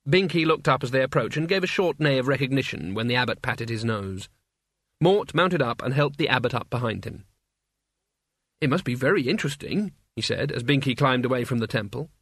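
A man narrating an audiobook in a measured, dry storytelling manner. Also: medium pitch, a bit bright, no echo. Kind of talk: scripted narration.

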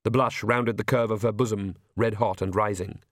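A man's voice: fairly low pitch, normal speed, no echo. Man narrating a story, dry close sound. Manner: even, wry storytelling. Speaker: audiobook narrator. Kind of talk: scripted narration.

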